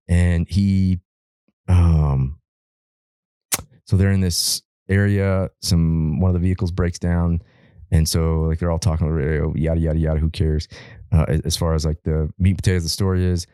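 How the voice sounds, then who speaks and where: A man's voice: rumbling low, mellow, clear, resonant tone, dry recording, studio quality. A man from Alaska, a wildland firefighter, telling a long story on a podcast in a rambling, profane way, with many repeated words and restarts.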